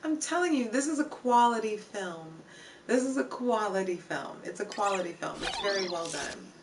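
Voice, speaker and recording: A woman's voice: mid-range voice, normal speed. A woman live streamer chatting casually with her viewers, laughing and teasing, repeating herself often. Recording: distant mic with clear background noise.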